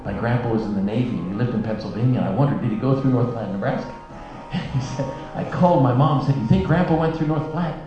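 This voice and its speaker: A man's voice: medium pitch, quick pace, hardly any pauses. Earnest male storyteller in echoey hall. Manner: earnest storyteller, softening to a hush at emotional peaks. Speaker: speaker. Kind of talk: storytelling sermon. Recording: dull echoey hall with music.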